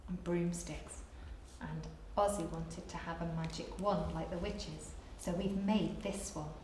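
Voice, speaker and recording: A woman, a primary school teacher giving a remote lesson to young children, dictating slowly and praising a lot. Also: lowish voice, darkish tone, reverberant, a little hiss or hum. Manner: slow, exaggerated dictation with big praise.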